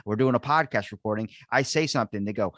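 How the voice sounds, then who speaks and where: A man's voice: fairly low pitch, fast talker, no room sound, studio quality. A man hosting a podcast, chatting casually and telling stories with a lot of swearing. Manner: profane, animated storytelling with acted-out quotes. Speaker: podcast host.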